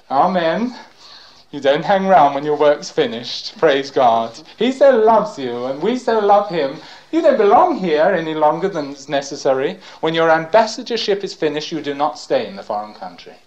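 An older man preaching a sermon and reading scripture aloud. He talks fervently, breaks in with praise, and swings from loud cries to hushed tones. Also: on the high side, highs cut off.

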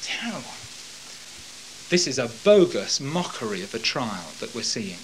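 A man's voice: mid-range voice, a little slow, slight background noise, low-quality recording. A man preaching verse by verse, breaking off to comment and dramatizing the scene. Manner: animated, dramatizes the scene and quotes voices. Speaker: Bible teacher. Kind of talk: verse-by-verse Bible exposition.

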